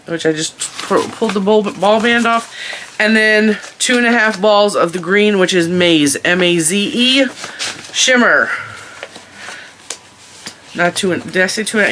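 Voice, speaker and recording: A woman hosts a casual crochet tutorial in a bright, forceful voice at a middling pitch. She talks in a chatty, giggly way and often backtracks to correct herself. Faint noise sits under her voice. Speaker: crochet channel host.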